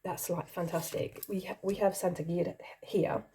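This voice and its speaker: Host role: middle-aged woman, mellow tone, rambling giggly chat to camera. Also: fairly low pitch, fairly even intonation, normal speed. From not from the country she lives in. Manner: chatty, rambling, giggly, self-deprecating. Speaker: channel host. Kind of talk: casual chat answering a question tag.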